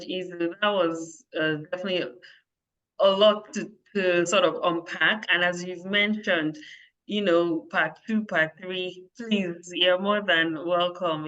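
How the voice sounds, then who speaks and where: A woman's voice: fairly low pitch, fairly bright tone. A woman moderating an online event over a video call, thanking the speaker and reading out questions with many fillers. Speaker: host. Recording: dull lo-fi call audio.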